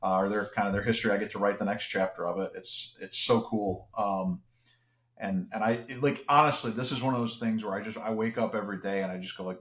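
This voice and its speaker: A man's voice: fairly low pitch, steady tone, fast, echoey room. A man as an interview guest, talking in an earnest, reflective way with frequent restarts. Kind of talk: casual podcast conversation.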